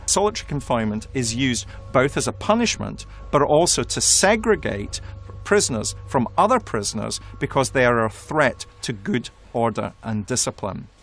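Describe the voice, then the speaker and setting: A man's voice: medium pitch, very animated, fairly bright tone, faint music behind. Analytical male prison expert. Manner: measured, analytical. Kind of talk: documentary interview.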